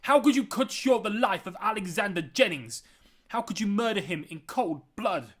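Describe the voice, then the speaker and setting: A man voicing an angry young man who confronts his enemy, icy and controlled, then shouting. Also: fairly high pitch, moderate pace. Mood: roaring furious. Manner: cold calm menace turning to shouting.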